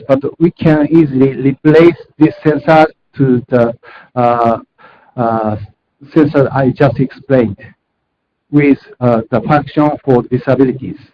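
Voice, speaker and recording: A man's voice: mid-range voice, a little hiss or hum. Hesitant man presenting over a muffled call. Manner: hesitant, halting with self-corrections. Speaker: conference presenter. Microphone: video call. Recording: muffled video-call audio.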